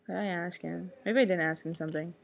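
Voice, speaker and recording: A woman's voice: lowish voice, fairly even intonation, fast talker, gravelly. A young woman telling a rambling personal story in a casual vlog, full of fillers and little asides. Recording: dull lo-fi webcam audio.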